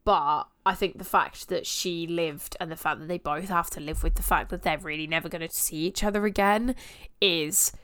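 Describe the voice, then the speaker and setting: A young woman co-hosting a podcast in casual chat, lively and acting out scenes as she talks. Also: fairly low pitch, normal speed. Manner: animated, acts out scenes in quoted voices. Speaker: podcast co-host.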